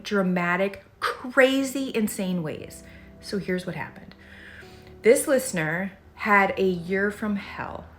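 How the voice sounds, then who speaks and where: A woman's voice: mid-range voice, a little hiss or hum. Emphatic woman podcast host. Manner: emphatic, animated retelling. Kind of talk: storytelling commentary.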